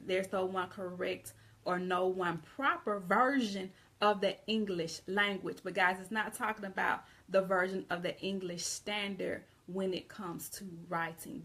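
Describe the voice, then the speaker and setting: A woman's voice: on the low side, a bit bright. A woman from the Southern United States with a Southern accent, giving a casual, conversational online grammar lesson and often restarting her phrases. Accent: Southern American. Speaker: English teacher.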